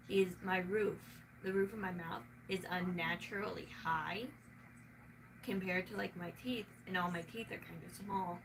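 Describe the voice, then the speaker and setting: A woman with a Southern US accent, chatting casually in a rambling way and swearing often. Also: lowish voice. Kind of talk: casual chat. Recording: noisy room, mic at a distance.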